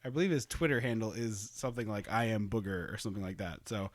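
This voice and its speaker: A man's voice: lowish voice, fast, no echo, studio quality. A man co-hosting a movie podcast, chatting casually and rambling into asides with frequent laughs. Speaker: podcast co-host.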